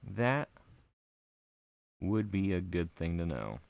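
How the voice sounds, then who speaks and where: A man's voice: deep voice, sing-song, slow, vocal fry, darkish tone, dry recording. A man co-hosting a podcast, telling rambling stories in casual chat. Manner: rambling, storytelling. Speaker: podcast co-host.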